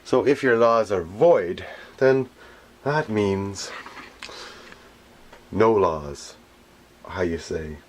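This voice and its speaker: A garbage collector delivering an indignant, rambling monologue, repeating himself and often pausing with filler phrases as he searches for words. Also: fairly low pitch, a little hiss or hum. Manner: indignant, repetitive, often pauses with "how you say".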